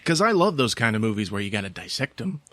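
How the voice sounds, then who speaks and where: A man's voice: fairly low pitch, sing-song, fast, bright, forceful tone, no echo. A man co-hosting a podcast in casual chat, curious and asking short questions, on a close microphone. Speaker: podcast co-host.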